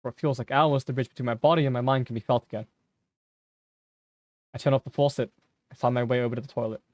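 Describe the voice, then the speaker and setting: A man streaming himself as he reads a story game aloud in a slow, somber, measured voice. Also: medium pitch, steady tone, a little mellow, no echo.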